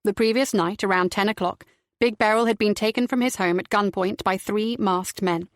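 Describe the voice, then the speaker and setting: A woman narrating a crime novel audiobook in a steady, measured reading. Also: medium pitch, no echo, studio quality.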